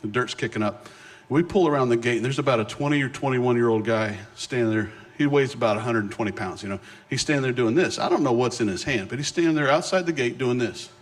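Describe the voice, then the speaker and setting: A middle-aged man, appearing as a guest speaker, recounts a personal story during a sermon. His delivery is animated and self-mocking, with quick restarts, and his pitch sits in the medium range.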